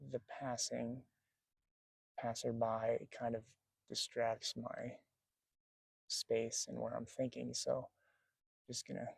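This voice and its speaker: Gravelly-voiced man telling a story outdoors. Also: mid-range voice, no room sound. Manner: rambling, animated retelling with quoted dialogue. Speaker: spiritual vlogger. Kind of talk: casual storytelling to camera. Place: outdoors near a lake. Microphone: camera mic.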